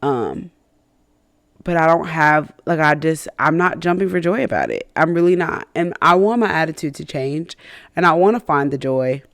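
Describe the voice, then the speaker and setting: A woman with a deep voice and big pitch swings talks at a moderate pace while hosting her personal faith podcast. She reflects candidly, with many fillers, restarts and self-conscious laughs between thoughts. The sound is studio quality with no echo.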